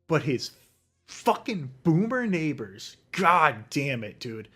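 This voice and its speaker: A man's voice: on the high side, big pitch swings, slow, sharp tone, breathy edge. A young man hosting a solo podcast livestream, ranting in a heated, profane way and mocking people with sarcastic quoted voices. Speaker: podcast host.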